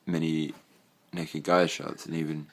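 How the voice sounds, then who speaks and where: Casual room-tour vlogger: young Australian guy, deep voice, meandering and sweary. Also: level tone, unhurried, gravelly. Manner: rambling, swears casually, trails off with fillers. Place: own bedroom.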